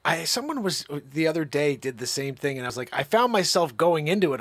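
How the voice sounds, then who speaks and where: A man hosting a casual chat in a playful, animated way. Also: a little high, brisk, few pauses, no echo. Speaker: host.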